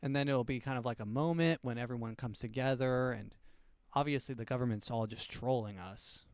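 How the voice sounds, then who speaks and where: A man's voice: mid-range voice, brisk, dry recording, studio quality. A man hosting his comedy show, talking in a loose, profane, rambling monologue. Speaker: comedy podcast host.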